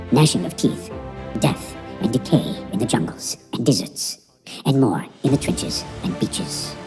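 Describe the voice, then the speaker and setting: A man's voice: medium pitch, close to an everyday voice. A man voicing a pompous male infomercial narrator, with grand, solemn delivery read over music. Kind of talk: mock-epic ad narration.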